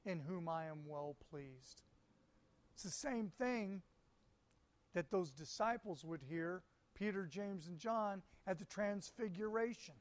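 A man delivering a sermon in a high voice. He takes his time, pausing for emphasis as he reads scripture and explains it to the congregation. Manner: slow, deliberate preaching with emphatic pauses. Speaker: preacher.

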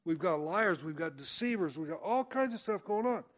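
Preacher, male, high-pitched, casual Bible-study delivery, leans into quoted verses. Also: animated, moderate pace. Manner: conversational, folksy, rising emphasis on quoted verses. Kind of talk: informal Bible teaching.

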